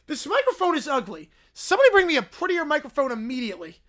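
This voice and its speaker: A man voicing a bratty, demanding little girl who hosts a radio show and throws shouting tantrums. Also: very high-pitched, huge pitch swings, fast talker, voice pushed up, heavily acted. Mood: bossy. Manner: screeching, whining, tantrum insults. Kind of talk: comedic sketch reading on a livestream.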